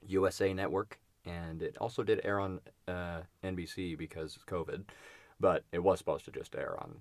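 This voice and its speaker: A young adult man co-hosts a podcast in a casual chat, rambling with lots of fillers and restarts. His voice sits low, steady in tone and moderate in pace, on a dry recording.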